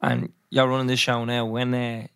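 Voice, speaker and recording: Man, podcast host, casual interview, smooth voice, dry close sound. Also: mid-range voice, monotone, normal speed, fairly bright tone, no room sound. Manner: brief prompts and agreement.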